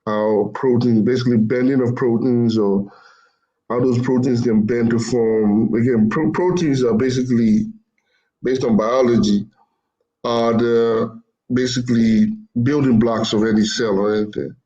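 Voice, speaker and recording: A man's voice: mid-range voice, fairly even intonation, measured pace, warm tone, lo-fi sound. A man explaining machine learning in casual talk, rambling and repeating himself as he corrects his words. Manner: rambling, repeats phrases, self-corrects often.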